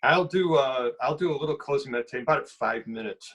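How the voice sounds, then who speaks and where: A husky-voiced man teaches a mindfulness group how to sit with anxiety. He speaks gently and haltingly, restarting phrases as he searches for words. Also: mid-range voice, lo-fi sound. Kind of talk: guided meditation teaching.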